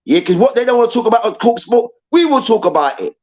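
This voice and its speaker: Angry high-voiced man ranting. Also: big pitch swings, fast talker, a little mellow. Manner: angry, profane, emphatic repetition. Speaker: host. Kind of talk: heated football debate rant. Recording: dull lo-fi sound.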